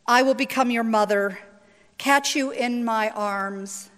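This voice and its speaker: A woman reading aloud as a loving, gentle mother bunny from a storybook, softly and tenderly. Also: fairly high pitch, slow pace, long reverb tail.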